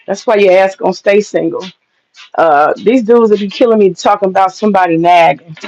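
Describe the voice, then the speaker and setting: A woman livestreaming from her kitchen, talking in a blunt, profane, rambling way. Her voice has a gravelly edge. The audio sounds a little dull and lo-fi, like a phone stream. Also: mid-range voice, brisk, a little mellow. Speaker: livestreaming vlogger. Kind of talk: casual livestream chat. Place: home kitchen, indoors.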